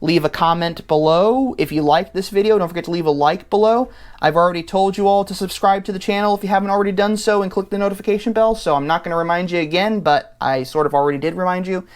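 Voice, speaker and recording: Casting: male host, smooth clear voice, relaxed think-aloud voice-over. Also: sits high, quick pace. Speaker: channel host. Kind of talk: casual voice-over walking through an online car configurator.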